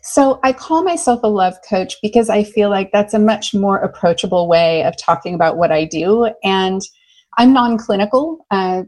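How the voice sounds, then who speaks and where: Enthusiastic American woman telling stories. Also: medium pitch. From United States. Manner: enthusiastic, animated, laughs easily. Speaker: love coach guest. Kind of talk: conversational interview storytelling.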